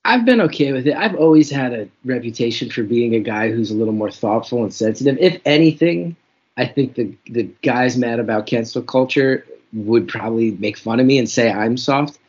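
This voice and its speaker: A man talks frankly and reflectively as an interview guest, often poking fun at himself. His voice is breathy and husky. The recording sounds muffled and lo-fi. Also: mid-range voice, animated, moderate pace, darkish tone. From New Jersey. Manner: reflective, self-deprecating, frank. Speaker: guest comedian. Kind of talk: candid interview storytelling. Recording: dull lo-fi recording.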